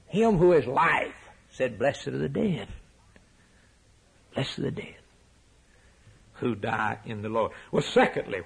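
A male preacher delivering a sermon with rhetorical repetition, rising to soaring emphatic peaks and dropping to hushed low lines. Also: creaky, slightly rough, low-quality recording.

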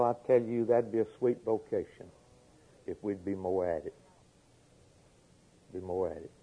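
A man preaching a sermon, repeating phrases and swinging from emphatic peaks to quiet low lines. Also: slightly rough. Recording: tinny phone-like lo-fi recording.

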